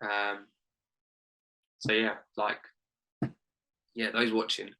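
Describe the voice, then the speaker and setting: A man's voice: on the low side, completely flat delivery, very slow, bright, forceful tone, rough recording. A young man, a life coach and podcast guest, telling a heartfelt personal story in an earnest way, full of "literally" and "like".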